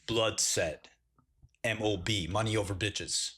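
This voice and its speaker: A man's voice: on the low side, steady tone, slow, sharp tone, slightly rough. A man hosting a casual livestream, telling crude slangy stories and laughing often. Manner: slangy storytelling. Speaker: livestream host.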